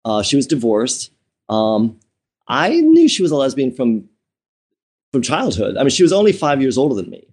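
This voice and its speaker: A man at an ordinary middle pitch tells a personal story to an interviewer. He talks in a chatty, candid way, restarting sentences and padding them with fillers. He laughs easily as he goes. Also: wildly swooping pitch, normal speed, darkish tone, breathy edge. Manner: laughs often while telling. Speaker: interview guest.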